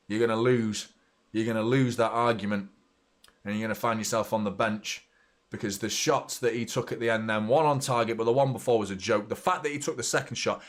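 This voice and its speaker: Hosting a fan watchalong of a live match, a British man in his thirties speaks in a slightly low voice, blunt and freely swearing. He jumps up excitedly when a chance comes, and in between chats plainly with his viewers.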